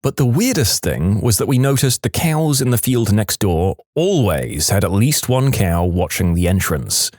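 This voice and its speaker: A man's voice: lowish voice, big pitch swings, moderate pace, few pauses, darkish tone, dry recording. A man narrating a series of short workplace stories in a scripted voice-over, adding his own dry asides between them.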